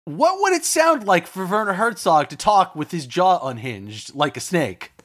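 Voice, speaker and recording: A male podcast co-host in casual comedy chat, rambling through playful questions. His pitch swings widely as he talks. It is a lively, animated delivery. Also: normal speed.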